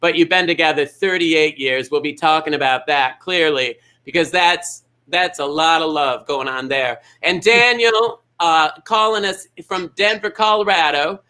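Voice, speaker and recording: A man's voice: on the high side, unhurried, few pauses, pushed and bright, clear, resonant tone, rough recording. A man hosting a live bingo show in a sassy, teasing, exaggerated way.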